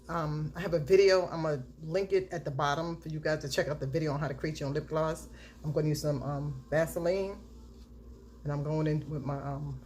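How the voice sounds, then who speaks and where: A woman talking casually through a makeup tutorial, chatty and unhurried, now and then chanting a catchphrase. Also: low voice, a little hiss or hum. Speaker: beauty vlogger.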